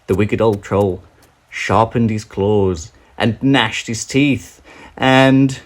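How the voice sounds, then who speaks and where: Slow, lively husky storyteller man. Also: on the low side, rough recording. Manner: sing-song, expressive, rhyming delivery. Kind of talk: children's storybook read-aloud.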